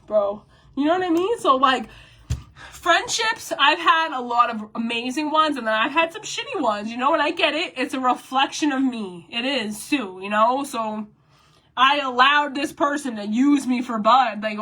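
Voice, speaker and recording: A young woman, rambling on camera in a blunt, profane, animated way. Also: high voice. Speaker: vlogger. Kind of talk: casual rambling vlog.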